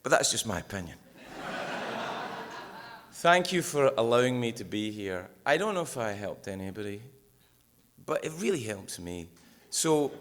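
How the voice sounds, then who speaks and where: An American man with a medium-pitched voice speaks candidly at a recovery meeting before an audience in a hall, with slight background noise. He swears freely, jokes with the room, and swings between loud bursts and quiet asides while sharing his profane, personal recovery story.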